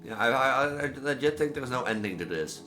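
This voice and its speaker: A man's voice: medium pitch, expressive, fairly quick, pushed and bright, soft background music. A man casually commenting on a horror game he plays, rambling and musing aloud with many "like"s. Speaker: gameplay streamer. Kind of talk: casual let's-play commentary.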